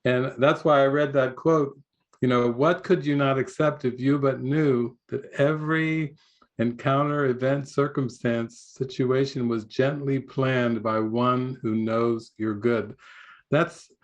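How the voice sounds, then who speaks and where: A man's voice: medium pitch, fairly even intonation, a little slow, dull audio. An older man giving a spiritual retreat talk over a video call, rambling, with many restarts and frequent laughs. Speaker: spiritual teacher.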